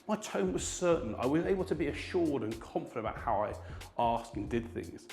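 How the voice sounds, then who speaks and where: Sales trainer with lively pitch. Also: male voice, fairly quick, gravelly. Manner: demonstrates tones by acting out sample lines. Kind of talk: instructional talk to camera. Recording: roomy sound with faint music.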